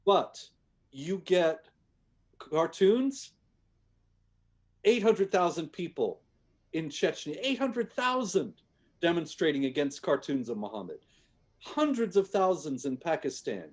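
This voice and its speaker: A man's voice: on the high side, very animated, slow pace, darkish tone. A man speaking as a guest in a conversation, making his case emphatically with frequent restarts. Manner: emphatic, repeats words on restarts. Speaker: guest commentator. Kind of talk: conversational argument.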